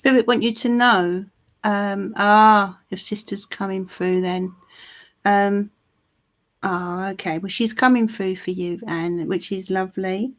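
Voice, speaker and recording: A woman giving a live psychic reading, soothing and reassuring, with frequent pauses and restarts. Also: medium pitch, fairly even intonation. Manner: soothing, reassuring, calls the listener "my love"; halting, with many ums and restarts. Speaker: tarot reader.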